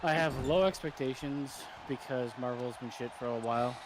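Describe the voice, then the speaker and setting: A man in the middle of relaxed gaming banter, opinionated and quick to laugh, swearing as he talks. His voice sits at an ordinary middle pitch, and clear background noise runs under everything he says. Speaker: co-host, gamer. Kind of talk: casual banter over gameplay.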